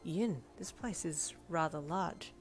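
A woman's voice: sits low, slow pace. A woman voicing an earnest, formal teenage schoolboy who speaks in solemn, old-fashioned phrases. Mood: wary. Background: soft backing music.

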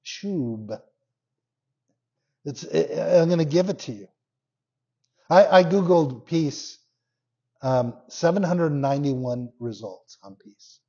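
Slow, dynamic male preacher. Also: lo-fi sound. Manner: expressive preaching, drops to soft intense lows and rises to loud emphatic peaks. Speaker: pastor. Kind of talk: sermon.

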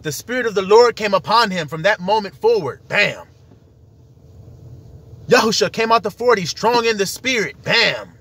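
A man's voice: high voice, fairly bright tone, slightly rough. A man preaching in a casual, profane monologue, citing scripture in slangy street talk and laughing as he acts out what others say. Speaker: self-styled preacher.

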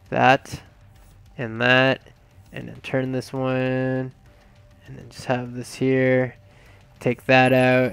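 A man giving a casual, rambling game tutorial voice-over, filling pauses with ums and uhs as he walks through each step. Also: mid-range voice, vocal fry, clear, resonant tone, no room sound. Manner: rambling and relaxed, many fillers, talks through each step. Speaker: video game tutorial maker.

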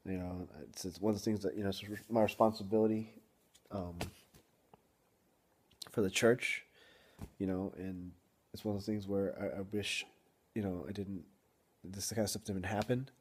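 A young man talking straight to camera in a casual vlog, frustrated and apologetic, halting with many ums and restarts. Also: deep voice, fairly even intonation, slightly rough. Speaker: vlogger.

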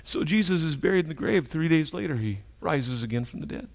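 A male pastor preaching a sermon and retelling a story, moving between hushed, slow passages and emphatic ones. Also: fairly high pitch, expressive, vocal fry.

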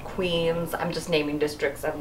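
A woman's voice: low-pitched, little pitch movement, normal speed, a little hiss or hum. A woman in a comedy sketch who talks in an eager, chatty way.

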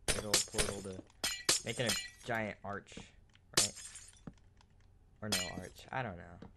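A man hosting a let's play, chatting casually while building in a game, quick to direct and redirect his partner. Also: fairly low pitch, steady tone, very noisy. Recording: keyboard clicks loud behind voice. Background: keyboard clicking.

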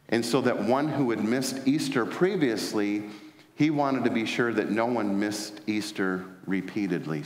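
A man preaching a sermon as pastor, telling stories with frequent fillers and restarts. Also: mid-range voice. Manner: storytelling, many fillers and restarts. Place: large church sanctuary. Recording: echoey church hall.

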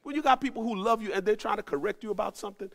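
A man preaching a sermon, animated, rising to emphatic peaks and dropping to low asides. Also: racing, creaky. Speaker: pastor. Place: at home during the pandemic.

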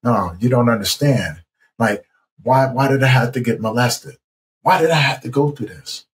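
A man's voice: medium pitch, moderate pace. A man in his forties, a podcast guest, earnestly telling his own story in conversation, stressing points by repeating himself.

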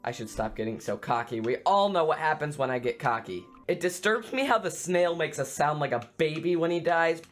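A man giving excitable let's play commentary on a video game, screaming and making silly sound effects. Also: fairly high pitch, a little fast, few pauses. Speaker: gaming YouTuber.

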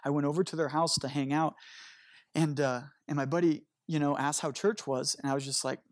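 A pastor with a fairly high male voice tells stories in an earnest, animated sermon. He speaks in rushed bursts of conversational storytelling. The sound is close and dry, with little room echo. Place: church stage before a congregation.

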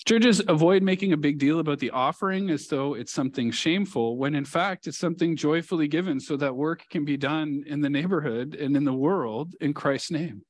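A male pastor preaching a sermon in a church, telling a story earnestly and leaning hard on key words. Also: a little high. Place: church sanctuary.

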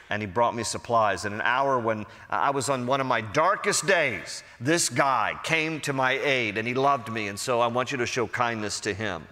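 A man's voice: mid-range voice, bright, forceful tone. A man with an American accent, a pastor preaching a conversational sermon who acts out the characters' lines. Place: large church sanctuary. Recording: long hall reverb.

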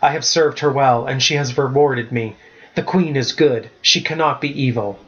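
A man's voice: mid-range voice, normal speed, a bit bright, dull audio, close to an everyday voice. A man voicing an indignant, loyal girl who defends her queen in a storybook reading. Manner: indignant, snappish.

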